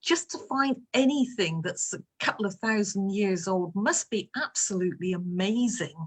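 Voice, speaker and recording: A woman's voice: medium pitch, moderate pace. A woman from England, an author chatting casually about her life and work, telling playful stories with plenty of fillers. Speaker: author answering reader questions. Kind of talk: casual chat.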